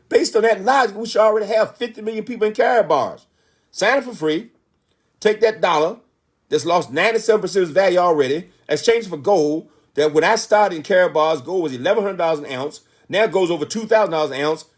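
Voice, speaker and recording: A man's voice: high voice, husky. An older man giving an emphatic motivational talk, asking rhetorical questions and answering them himself, with frequent "Okay?" checks. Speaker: motivational speaker.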